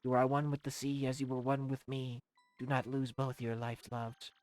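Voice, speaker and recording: A man voicing a young woman reading her farewell love letter in a soft, earnest way, for a video game. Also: mid-range voice, completely flat delivery, normal speed, soft background music, close to an everyday voice. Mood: tender.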